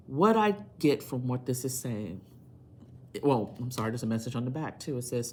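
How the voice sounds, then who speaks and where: A woman's voice: sits low, big pitch swings, normal speed, a little mellow, slight background noise. Earnest woman giving a tarot reading. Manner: earnest, emphatic, preachy pep talk. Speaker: tarot reader. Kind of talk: casual tarot reading video.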